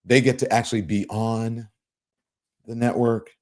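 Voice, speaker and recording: A man from Louisiana with a softened Southern accent, hosting a livestream and reading viewer comments in an animated, emphatic way. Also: a little slow. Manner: animated, swooping pitch, emphatic. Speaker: show host.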